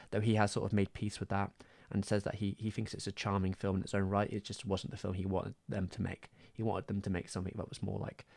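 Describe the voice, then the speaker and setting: A man's voice: on the low side, creaky, a little mellow, no echo. A young English man from the Southwest with a West Country accent, rambling and self-deprecating in casual livestream chat on a close mic. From Southwest England. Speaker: streamer.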